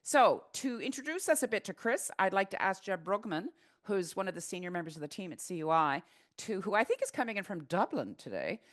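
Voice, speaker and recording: A woman's voice: medium pitch, very animated, fairly quick. An older woman hosting a live video-call webinar, chatty and teasing, with lots of fillers and restarts. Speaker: webinar host.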